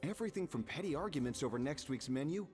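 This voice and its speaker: Brief: actor as an eager bystander recounting legend, animated. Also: male voice, fairly high pitch, fast, over music, close to an everyday voice. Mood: earnest.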